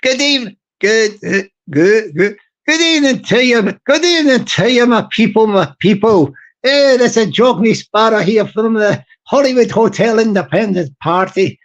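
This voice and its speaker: A man voicing a boisterous Irish party chairman giving a rally speech, with a put-on Irish accent and loud, repetitive speechmaking. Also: high voice, animated, normal speed. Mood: rousing.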